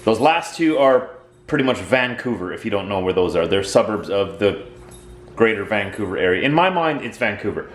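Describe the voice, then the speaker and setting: Animated trucker ranting on camera. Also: male voice, on the low side, moderate pace. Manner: animated storytelling, rising to exasperated outbursts. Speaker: truck driver vlogger. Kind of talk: casual vlog rant. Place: in and around a truck, near traffic.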